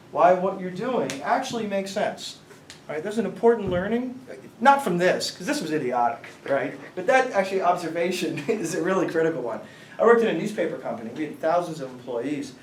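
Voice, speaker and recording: A middle-aged man with a slightly high voice gives a loose, rambling talk to a class, throwing questions out to the audience. He sounds set back from the mic in a roomy lecture space with faint background noise. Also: recorded from a distance. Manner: rambling storyteller, quizzes the audience. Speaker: guest speaker, company founder. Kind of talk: informal lecture to students.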